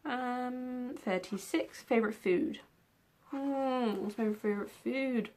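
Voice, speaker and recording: Speaking slowly in a highish, darkish voice, a young woman chats casually in a book vlog tag video. She rambles, with lots of ums and the odd yawn.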